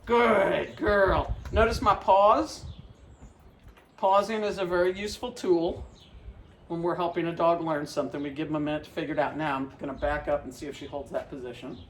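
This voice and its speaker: High-voiced man demonstrating dog training. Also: fairly even intonation, a little fast, a bit bright, a little hiss or hum, low-quality recording. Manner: patient explaining, with cheerful praise to a dog.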